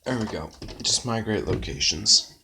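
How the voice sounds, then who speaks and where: Sleepy guy on a livestream, super low gravelly voice, flat monotone, lazy deadpan. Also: moderate pace, background noise. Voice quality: monotone delivery. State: tired and yawning. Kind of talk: casual live-stream chat. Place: at home, lying back comfortably.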